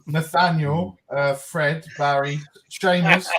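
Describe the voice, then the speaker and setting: A man's voice: a little high, steady tone, takes it slowly, background noise. A man in casual chat as a podcast guest, dry and wry.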